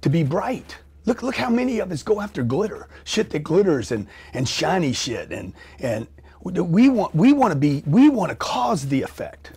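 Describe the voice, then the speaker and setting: A man's voice: a little high, sing-song, moderate pace, a little mellow, breathy edge. A man speaking as an interview guest, brash and blunt, swearing freely. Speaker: guest, entrepreneur. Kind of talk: casual interview chat.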